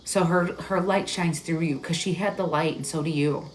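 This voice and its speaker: Low-voiced woman giving halting psychic readings. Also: fairly even intonation, a little hiss or hum. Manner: halting, searching delivery with many "like"s; emotional, tearful at moments. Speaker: psychic medium hosting a live stream. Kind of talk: live-stream spirit reading.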